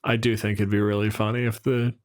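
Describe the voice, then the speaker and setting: A man's voice: lowish voice, a little fast. Joking, foul-mouthed podcast host man. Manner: animated, profane, joking. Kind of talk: casual chat.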